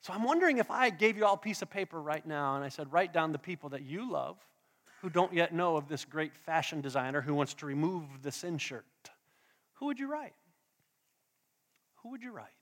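A man's voice: a little high, expressive, brisk, fairly bright tone. A man preaching a sermon as a pastor, drawing in the congregation with questions and call-and-response. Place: church hall. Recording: long hall reverb.

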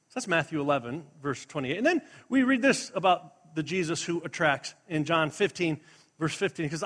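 A man's voice: high voice, lively intonation, moderate pace, fairly bright tone. A man preaching a sermon in church, calling out to the congregation to respond and quoting scripture with rising emphasis. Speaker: pastor.

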